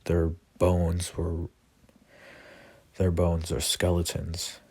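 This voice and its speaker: A man voicing a lonely ancient male dragon who speaks calmly and matter-of-factly. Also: low voice, extremely slow, breathy edge, heavily acted. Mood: solemn. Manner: calm, matter-of-fact.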